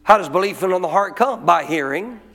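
A man with a high voice preaches emphatically, firing rhetorical questions at his congregation. His sermon rings out with a long reverb from a large church hall. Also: lively intonation, normal speed, gravelly, a bit bright. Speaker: pastor.

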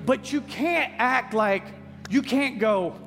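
A pastor telling a story in a folksy, animated sermon style, acting out what people said. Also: male voice, very high-pitched, slow pace. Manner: folksy, animated, acts out quotes. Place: church sanctuary. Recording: long church hall reverb with faint music.

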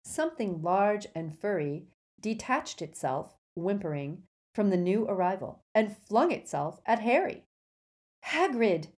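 A woman narrating a storybook in a steady, measured way. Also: medium pitch.

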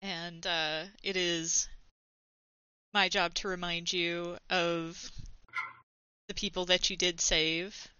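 A woman's voice: on the low side, little pitch movement, takes it slowly, long pauses, sharp tone, smooth, no echo. A woman playing in a tabletop game, speaking hesitantly with fillers, heard through a dull lo-fi mic. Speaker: player. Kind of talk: casual tabletop play.

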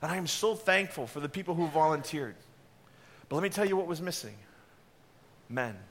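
A man's voice: a little high, expressive, moderate pace, fairly bright tone. A man preaching a sermon to his congregation, earnest and direct, with offhand asides. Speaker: pastor.

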